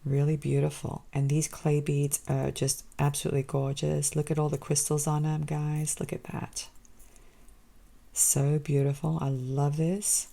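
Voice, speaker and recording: A woman's voice: low-pitched, little pitch movement, moderate pace, vocal fry, few pauses, dark tone. A woman hosting a casual unboxing vlog, gushing with enthusiasm and calling her viewers "guys" as she shows each item. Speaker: jewelry designer and channel host.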